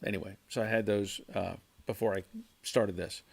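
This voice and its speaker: A man hosting a casual livestream from his garage, reading viewer chat and answering in a halting way, repeating words and chuckling often. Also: on the low side, fairly even intonation, vocal fry. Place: home garage.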